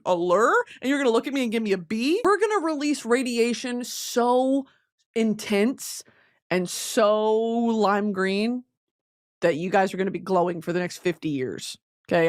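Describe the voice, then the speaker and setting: Dramatic, animated woman podcast host. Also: mid-range voice, normal speed. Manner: dramatic, swings between mock outrage and giggles. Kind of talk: comedic chat.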